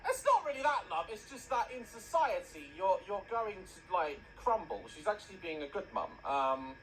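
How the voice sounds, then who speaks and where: A man's voice: high voice, very animated, moderate pace, faint music behind, low-quality recording. A man hosting a reaction video, mocking what he watches with jokey, sarcastic commentary. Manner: mocking, jokey, laughs at his own dark jokes.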